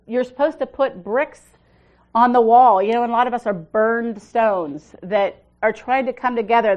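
A middle-aged woman pastor preaching a conversational sermon, swinging from emphatic declarations to soft, low asides, with frequent restarts.

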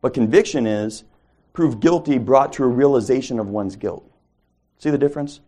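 Mellow-voiced man teaching Bible study. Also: mid-range voice, moderate pace. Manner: conversational, asks the group questions, self-corrections.

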